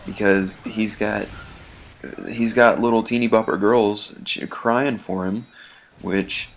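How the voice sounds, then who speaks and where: Male gameplay commentator, low gravelly voice, loose chatty rambler. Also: steady tone, takes it slowly, a little hiss or hum. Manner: rambling and chatty, many ums and restarts, chuckles often.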